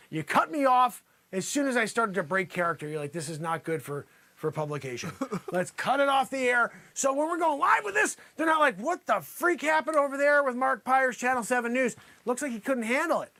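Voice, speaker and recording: Playing a mock news anchor, the host of an improv comedy show teases his guests in loose, riffing banter. He keeps breaking into shouting and high-pitched fits of laughter.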